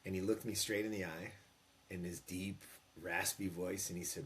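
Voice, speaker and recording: A man in his fifties speaks as a podcast guest in a slightly low voice. He tells his story emphatically, pushing key words and acting out the lines he quotes. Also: fairly even intonation, moderate pace, a little hiss or hum. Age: 50s. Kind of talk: storytelling in an interview.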